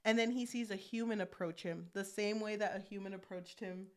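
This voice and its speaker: Young female podcast co-host recapping a film, animated delivery, slips into the characters' voices, casual chat. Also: medium pitch, fairly quick. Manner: animated, acts out character lines while recapping. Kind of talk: casual chat retelling a movie plot.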